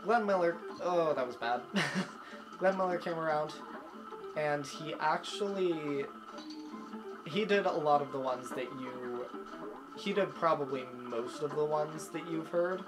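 Let's-play host, casual rambling talk, mid-pitched voice, game music playing loud underneath. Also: slow, low-quality recording. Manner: rambling, easily distracted, hums tunes aloud. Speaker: gaming channel host. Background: video game music.

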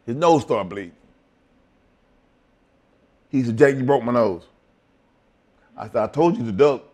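A man's voice: medium pitch, lively intonation, measured pace, a little mellow. An older retired wrestler telling blunt, profane stories in an interview and acting out the lines of the people he quotes.

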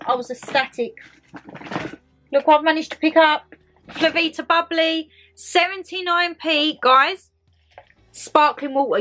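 A young British woman chatting excitedly to her viewers as she shows off a shopping haul at home. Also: sits high. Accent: British English. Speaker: vlogger. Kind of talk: casual shopping haul vlog.

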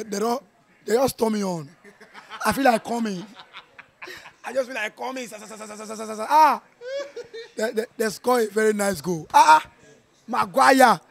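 A Nigerian man with a strained voice from shouting, reacting to a football match in an animated, playful way, slipping into Pidgin. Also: high-pitched. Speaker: football fan. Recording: outdoor viewing center.

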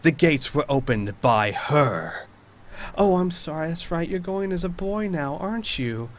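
A man's voice: on the high side, big pitch swings, measured pace, a little hiss or hum, pitched above the performer's own voice. A man playing a bitter, vengeful knight woman. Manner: spits out taunting, mocking words.

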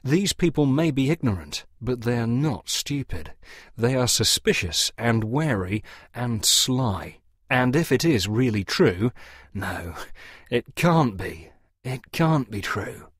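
A man's voice: mid-range voice, sing-song, takes it slowly, breathy edge, no echo, studio quality, exaggerated voice. A man voicing a fussy middle-aged antique dealer who pleads in a breathless, fluttering way as if unwell. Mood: anxious inner voice.

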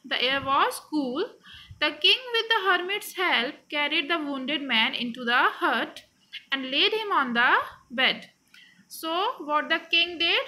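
A woman teaches a story, reading each line and then explaining it again in plain words. Her voice sits high and bright. She takes an unhurried pace. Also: lively intonation, low-quality recording. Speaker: English teacher.

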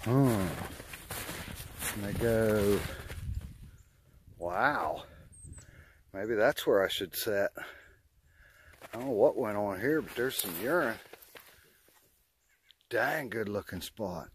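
Trapper, a man, low and unhurried, folksy self-talk, a little winded, outdoors with a faint hiss behind. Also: lively intonation. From West Virginia. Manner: folksy, talks to himself. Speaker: trapper vlogger. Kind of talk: walking outdoor vlog. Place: woods outdoors.

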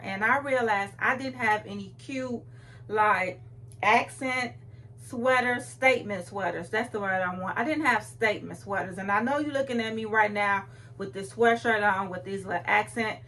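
A young adult woman, a fashion vlogger, chats playfully to camera about clothes, talking straight to viewers. Her fairly high voice sounds pushed and bright. She's recording on a phone at home.

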